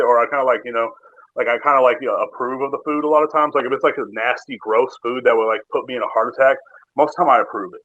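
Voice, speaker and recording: A man's voice: mid-range voice, fairly bright tone. A man hosting a casual podcast, ranting in a profane, joking, rambling way while drinking. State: drinking bourbon while talking. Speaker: podcast host. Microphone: phone. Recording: tinny phone-app audio.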